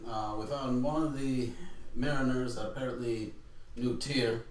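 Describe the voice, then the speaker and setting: A man's voice: medium pitch, steady tone, moderate pace, a little hiss or hum. A man recapping events as a player, hesitant, with fillers and laughter. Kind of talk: casual tabletop game chat. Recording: echoey room from far off.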